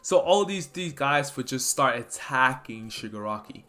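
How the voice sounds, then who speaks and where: A man casually retelling a fan story, rambling excitedly and tripping over names. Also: mid-range voice, normal speed.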